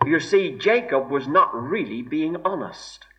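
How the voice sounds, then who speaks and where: A man preaching an expository sermon in a slow, measured way, weighing each word with deliberate emphasis. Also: a little high, lively intonation, fairly bright tone. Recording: dull lo-fi recording.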